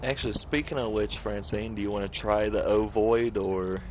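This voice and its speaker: Man, gaming streamer, casual late-night chat, lowish voice, rambling. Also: fairly even intonation, normal speed, slight background noise. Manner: rambling, with frequent restarts and fillers.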